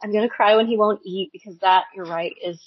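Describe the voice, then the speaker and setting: A woman co-hosting a podcast, recapping a cartoon in casual chat, animated, laughing often and saying like a lot. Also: mid-range voice, brisk, slightly rough, no echo, muffled recording. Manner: animated, laughing, many likes and ums. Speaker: podcast co-host.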